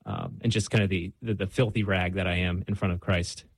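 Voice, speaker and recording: Young man, lowish voice, casual chat, candid storytelling, dead dry room. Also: fairly even intonation, fairly quick, slightly rough, dry recording. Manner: candid, self-deprecating storytelling with many fillers. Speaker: guest. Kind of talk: casual faith conversation.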